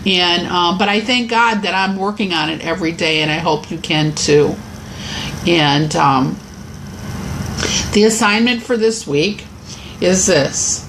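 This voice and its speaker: A woman's voice: lowish voice, measured pace, long pauses, fairly bright tone, slight background noise, low-quality recording. A middle-aged woman teaching a Christian weight-loss lesson, speaking candidly and encouragingly about her own progress. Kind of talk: personal faith-based lesson.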